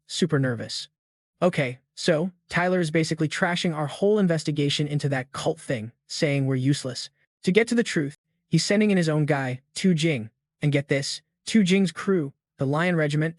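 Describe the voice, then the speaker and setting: A man's voice: on the high side, dry recording, studio quality. A man narrating a story recap in a chatty, slangy way, with playful asides to viewers.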